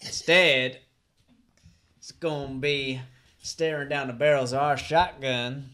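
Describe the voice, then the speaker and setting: A man's voice: medium pitch, fairly even intonation, takes it slowly, sharp tone. A man reading the part of a menacing outlaw who taunts his victim with a shotgun, in a casual scene read.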